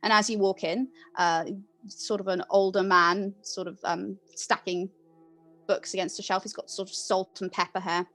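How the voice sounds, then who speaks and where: A woman's voice: medium pitch, moderate pace, faint music behind. Woman game master narrating a tabletop scene. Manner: descriptive, relaxed, many fillers.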